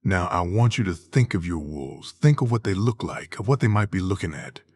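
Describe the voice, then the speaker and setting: A patient young teacher of magic in a fantasy audiobook coaxes his pupils along, read by a man. The voice is low and husky, calm and instructive, recorded dry and close. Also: normal speed, no room sound. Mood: coaxing.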